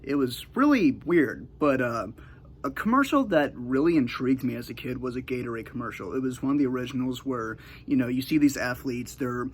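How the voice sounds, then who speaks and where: A man's voice: medium pitch, slight background noise. A man casually telling a childhood story in a rambling way, with many fillers and restarts.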